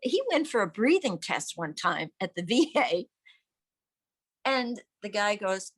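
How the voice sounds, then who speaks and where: Older woman, mid-pitched voice, emphatic and animated, interview guest. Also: unhurried. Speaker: interview guest, veteran's widow. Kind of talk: conversational storytelling. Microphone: remote audio call.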